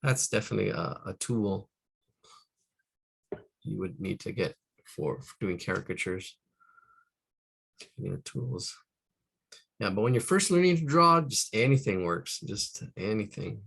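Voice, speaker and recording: A man demonstrating caricature drawing as he sketches, describing each stroke and counting lines aloud. His voice sits low with a gravelly, husky edge. He often trails off into quiet muttering. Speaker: art instructor.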